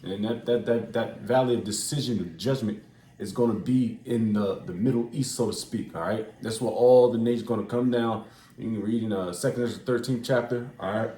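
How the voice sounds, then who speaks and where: A man's voice: on the low side, brisk, warm tone. A man giving casual preaching commentary in a loose, repetitive, profane street manner. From United States. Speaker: religious commentator. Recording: echoey room.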